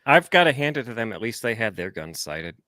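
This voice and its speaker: Low-voiced dude co-hosting, laid back and wry, dry close mic. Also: male voice, big pitch swings, fairly quick, bright, forceful tone, dry recording. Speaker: podcast co-host. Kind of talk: casual chat.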